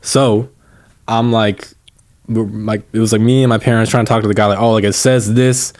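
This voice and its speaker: A young man co-hosting a podcast, telling an animated story in casual chat, peppered with swearing and fillers. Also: lowish voice, moderate pace, no echo. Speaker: podcast co-host.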